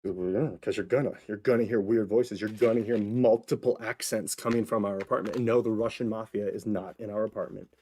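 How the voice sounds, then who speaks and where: A man's voice: lowish voice, fairly even intonation, a little fast, few pauses, darkish tone, slight background noise. A man chatting in a casual solo vlog at home, rambling playfully with asides to viewers while he waits around. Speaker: vlogger and actor. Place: at home, indoors.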